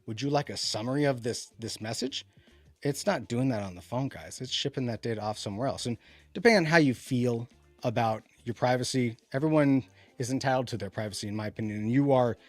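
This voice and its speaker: A man co-hosting a tech podcast, talking in a casual, rambling way with animated sarcastic asides. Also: medium pitch, no room sound. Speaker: podcast co-host.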